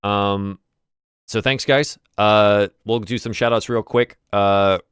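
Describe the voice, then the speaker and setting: A man acting as game master, narrating a tabletop game over a voice call in a relaxed, casual way. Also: on the low side, slow, clear, resonant tone, no room sound, studio quality.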